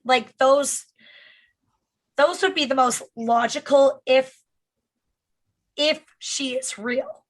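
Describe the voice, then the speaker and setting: A woman co-hosting a comedy podcast, with a high voice and an unhurried, drawn-out way of talking. She chats loosely, trailing off into fillers and dropping the odd swear word. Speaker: podcast co-host. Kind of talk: casual comedic podcast chat.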